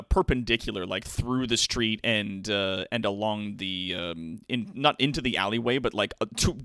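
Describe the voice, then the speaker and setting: A man narrating as game master for a tabletop game, with a rambling, halting delivery full of fillers. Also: medium pitch, a bit bright, dry recording, studio quality.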